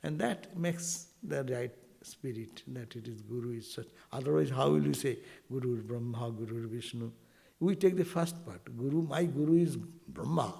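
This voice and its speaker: Gravelly-voiced man. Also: mid-range voice, normal speed. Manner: animated, rhetorical asides, quotes Sanskrit verses. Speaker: monk giving a spiritual talk. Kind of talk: informal spiritual teaching to devotees.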